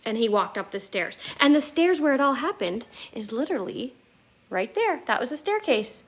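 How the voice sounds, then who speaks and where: A woman telling her own story at home on a live video, chatty and animated, with a lot of "like". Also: high voice, moderate pace. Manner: chatty, animated, many fillers like "like". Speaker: network marketing vlogger. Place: at home indoors, near a staircase. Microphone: live video call.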